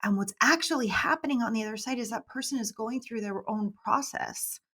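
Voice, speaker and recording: A middle-aged woman, a business mentor guest, talking in a casual, animated way and acting out quoted voices. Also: fairly high pitch, a little fast, husky. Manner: animated, acts out quoted voices, laughs often. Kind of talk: casual interview talk.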